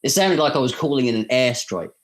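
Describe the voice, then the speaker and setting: A man with a polished British received pronunciation accent talks casually on a podcast. He tells animated, self-deprecating stories. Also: medium pitch, fast. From England. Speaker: podcast guest, voice actor. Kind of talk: casual chat.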